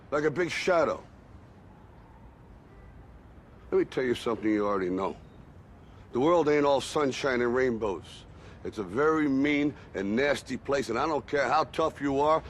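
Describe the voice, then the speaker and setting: A man's voice: fairly high pitch, slight background noise, natural voice. A man playing a blunt, stern old boxer. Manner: blunt, working-class speech that builds to fierce urging. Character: aging male boxer sternly lecturing his grown son. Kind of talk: film drama monologue.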